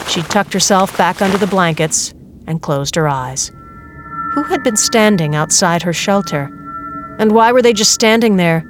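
A woman reading a novel aloud as narrator, in a steady, measured way. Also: fairly low pitch, over music. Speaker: audiobook narrator. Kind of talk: scripted narration.

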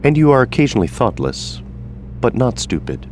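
An actor playing a stiff, formal male demon familiar who speaks in a measured, precise way. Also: medium pitch, sing-song, darkish tone, soft background music, lightly acted.

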